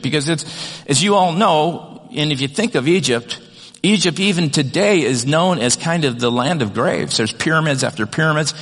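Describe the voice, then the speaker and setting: In a large hall, a man preaches a sermon as pastor, keeping it conversational, reading scripture aloud and often restarting his sentences with plenty of "kind of." His voice sits a little high, with lively intonation, a moderate pace and a fairly bright tone.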